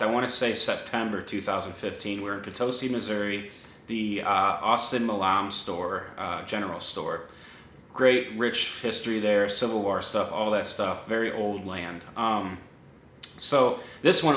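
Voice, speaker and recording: A young man casually presenting his paranormal recordings, rambling with lots of fillers, a dog somewhere near him. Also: fairly low pitch. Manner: relaxed, rambling with many fillers. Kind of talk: casual talk to camera. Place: home room with a dog nearby. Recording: echoey room, faint noise.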